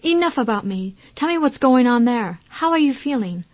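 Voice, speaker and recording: A woman's voice: fairly high pitch, animated, moderate pace, darkish tone, no echo, pitched above the performer's own voice, close to an everyday voice. A woman voicing a happy, newly engaged young daughter who talks eagerly and chats on the phone in an audiobook. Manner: eager and chatty. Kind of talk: audiobook character reading.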